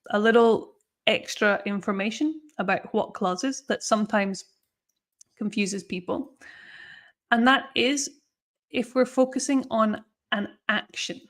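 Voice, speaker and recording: This English grammar teacher's voice sits a little high as she leads a live online class. Her explanations are patient, and she often pauses to ask "okay?" or "no?".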